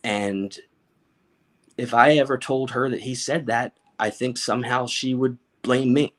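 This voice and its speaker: A man's voice: medium pitch, steady tone, measured pace. Emphatic man telling a personal story. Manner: emotional and emphatic, with frequent restarts and repeated words. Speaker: podcast guest. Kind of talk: conversational storytelling.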